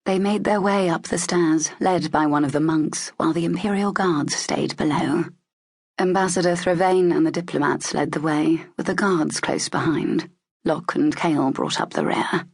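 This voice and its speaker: A woman narrating a fantasy audiobook in a steady, even storytelling manner, with a husky, gravelly voice. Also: lowish voice.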